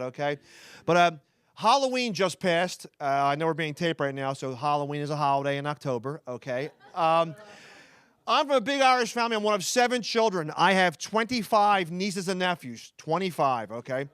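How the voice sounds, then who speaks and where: A man with a Philadelphia accent doing a stand-up comedy set before a live audience, talking fast and rambling with restarts and asides to the crowd. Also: sits high, a bit bright, smooth, dry recording.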